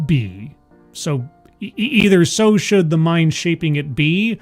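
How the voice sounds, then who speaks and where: A man's voice: a little high, lively intonation, slow pace, faint music behind. A man hosting a livestream, reading an article aloud and mocking it with sarcastic asides. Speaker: streamer host.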